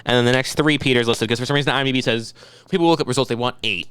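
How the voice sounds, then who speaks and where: Fast-talking casual podcast guy. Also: mid-range voice, smooth, dry recording. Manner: fast, profane, excitable banter. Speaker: podcast co-host. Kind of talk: casual chat.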